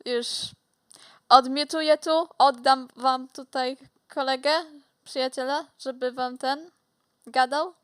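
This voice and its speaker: A woman's voice: sits high, fairly even intonation, measured pace, no echo. Giggly young Polish-accented woman streamer. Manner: bubbly, giggly, swears playfully. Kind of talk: casual livestream chat.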